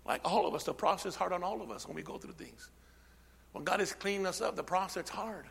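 A man preaching a sermon as pastor, calling out amen and drawing the congregation in, swinging from shouting to a near whisper. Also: high voice, fast, vocal fry, breathy edge, in a large hall. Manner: peppers speech with amen and call-and-response. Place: church sanctuary.

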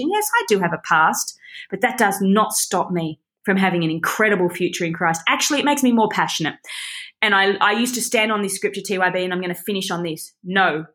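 A woman teaching a devotional Bible study, passionate, her voice rising high in exclamation, near tears. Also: animated, brisk, a bit bright. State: teary.

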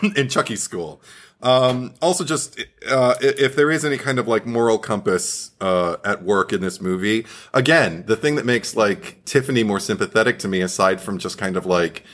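Male co-host, animated and giggly, lowish voice, casual chat. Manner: animated, laughs often, quick to enthuse. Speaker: podcast co-host.

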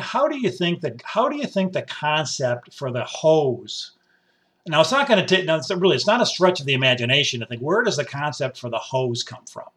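A man delivering a rambling, wisecracking comedic monologue, swinging from loud points to muttered asides. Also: on the high side. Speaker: commentator.

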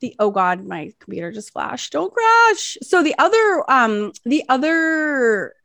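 A woman in her forties chatting on a podcast, her voice sitting a little high and swinging widely in pitch as she rambles. She laughs often and talks with animated energy. The sound is dry and close, with no room in it. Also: a little slow, gravelly, no echo. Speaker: podcast co-host. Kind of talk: casual chat.

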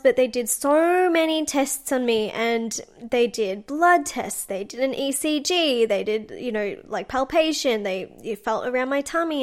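Chatty young woman, higher voice. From Australia. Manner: chatty, animated, lots of "like" and acted-out quotes. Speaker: podcast host. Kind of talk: casual storytelling monologue.

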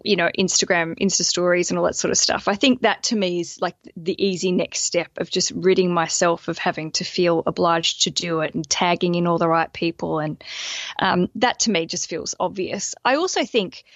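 An Australian woman talking casually as a podcast guest, lively and self-deprecating, full of restarts and asides. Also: lowish voice, moderate pace, dry recording, highs cut off. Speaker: podcast guest, wedding business owner.

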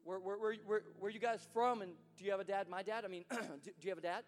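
A man's voice: sits high, steady tone, quick pace, voice pushed down, close to an everyday voice. A preacher acting out a flustered, stammering man. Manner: hesitant, stammering, quiet. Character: flustered man nervously questioning strangers. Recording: hall reverb with soft music.

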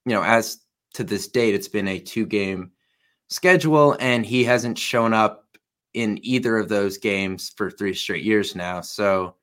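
A man's voice: fairly low pitch, unhurried, a bit bright. A man co-hosting a sports podcast, talking in a laid-back way and hedging often. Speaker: podcast co-host. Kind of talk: casual sports talk.

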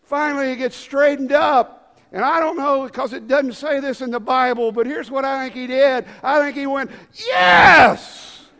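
A man in his fifties preaching a sermon, swinging from loud dramatic calls to hushed low lines. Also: steady tone, normal speed. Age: 50s. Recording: long hall reverb.

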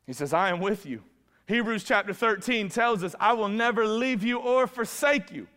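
A male pastor preaching a sermon with fervor, his voice swinging from hushed lows to loud, ringing peaks. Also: normal speed. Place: church sanctuary. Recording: long reverb of a large hall.

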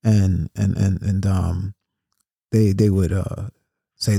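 A man's voice: low voice, little pitch movement, slow pace, vocal fry, long pauses, dark tone, slightly rough, no room sound, studio quality. A man who hosts a podcast and works as a motivational speaker. He talks casually and keeps repeating words and asking "right?". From New York City. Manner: conversational, repeats words, asks "right?" often. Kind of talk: casual solo podcast talk.

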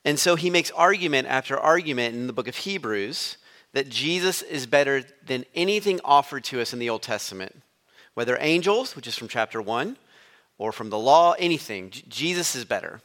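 A man's voice: mid-range voice, animated, brisk, a bit bright. A man preaching a sermon as a guest, telling a story in a conversational way.

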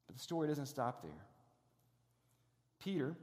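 High-voiced preacher man in a reverberant hall. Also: moderate pace. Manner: dynamic preaching, drops to hushed tones for emphasis. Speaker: pastor. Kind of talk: sermon.

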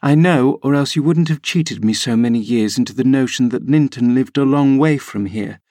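A man reading an audiobook, voicing a lively, indignant teenage girl in a raised, emphatic voice. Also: normal speed, no room sound, clean studio sound, lightly acted. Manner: high, emphatic and exclaiming.

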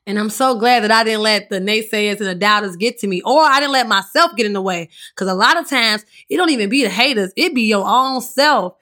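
A woman with a raspy voice hosting her own podcast, telling her story in a candid, chatty way and swearing freely. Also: a little high, fairly quick, few pauses, bright, forceful tone. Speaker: podcast host. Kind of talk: casual solo podcast monologue.

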